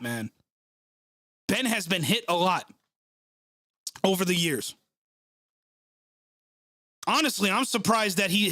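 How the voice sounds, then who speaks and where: A man's voice: sits high, bright, forceful tone, no room sound, studio quality. A man ranting heatedly and swearing while hosting a live reaction stream of a football game. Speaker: sports live-stream host. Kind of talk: angry live play-by-play reaction.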